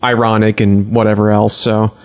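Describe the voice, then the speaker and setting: A man in casual podcast talk, making wry quick remarks. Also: fairly low pitch, flat delivery, smooth.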